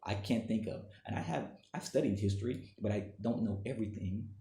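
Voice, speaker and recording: A man's voice: fairly low pitch, a little fast, gravelly, dark tone, echoey room. A man delivering an indignant, emphatic opinion monologue that keeps repeating its points. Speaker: commentator.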